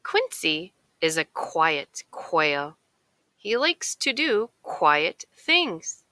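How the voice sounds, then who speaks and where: Slow, expressive woman reading a picture book. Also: fairly low pitch, no echo. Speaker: narrator. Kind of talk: children's picture book read-aloud.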